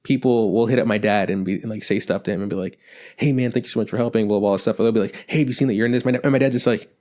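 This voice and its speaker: A man's voice: lowish voice, racing, a little mellow. A man co-hosting a podcast, chatting casually and rambling through stories. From Mexican-American family. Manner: rambling, quotes people in put-on voices. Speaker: podcast co-host. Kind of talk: casual chat.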